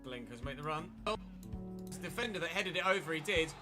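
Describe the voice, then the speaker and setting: Male streamer, fairly high voice, chatty and wry, game music underneath. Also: lively intonation, fast talker. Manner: chatty, wry, replies to live chat. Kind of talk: casual game commentary.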